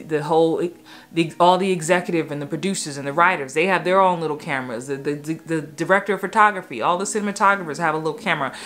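A woman in her thirties tells a personal story from an acting job, candid and emotional, doubling back on herself as she goes. Her voice sits a little low, and faint music plays softly behind her. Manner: candid, emotional, quick asides and restarts. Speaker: actor and acting coach.

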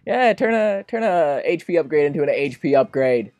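Young male gamer, animated swooping delivery, dry close mic, over-the-top reactions. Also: a little high, moderate pace, hardly any pauses, no echo. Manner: excitable, melodramatic, swings between pleading and laughing. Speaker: gaming commentator. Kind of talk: casual let's-play commentary.

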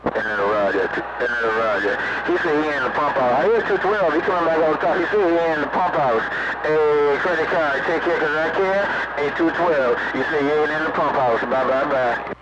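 A man's voice: fairly high pitch, moderate pace. Man calling out over heavy static. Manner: repeats call signs in sing-song greetings. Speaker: radio operator. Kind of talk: casual on-air radio chat. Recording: dull radio buried in heavy static.

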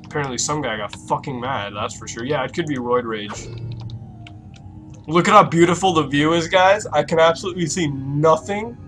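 A young man commentating a horror game let's play, swearing a lot and reacting loudly with jumpy outbursts. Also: a little high, moderate pace, faint music behind. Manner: loud, profane, jumpy reactions. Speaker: gaming YouTuber.

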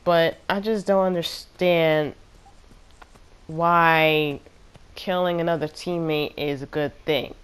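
A woman's voice: deep voice, steady tone, slow, clean tone. A woman giving casual, rambling commentary over her own gameplay footage, sounding exasperated and using plenty of fillers. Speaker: gaming channel host.

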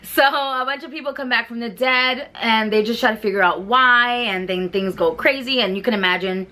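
A woman's voice: on the high side, bright, forceful tone. A woman, chatting casually and rambling through a review of television shows, full of fillers and restarts. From New York. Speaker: beauty vlogger.

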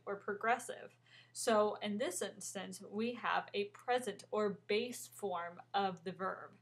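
Methodical woman teaching grammar. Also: medium pitch. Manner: clear, methodical explaining with occasional ums. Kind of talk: recorded grammar lesson.

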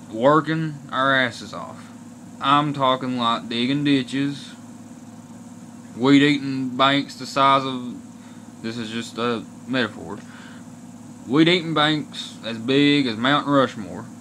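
A man's voice: mid-range voice, bright, forceful tone, a little hiss or hum. A young man from Kentucky with an Appalachian accent, ranting bluntly to camera and swearing often. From Kentucky, USA. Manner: aggrieved, blunt, swears often, slow and deliberate. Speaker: vlogger.

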